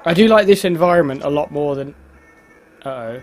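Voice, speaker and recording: A man's voice: a little high, expressive, a little fast, faint music behind. A man giving casual, self-mocking commentary while playing a video game. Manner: chatty, exclaims at the game, laughs at himself. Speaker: let's play host.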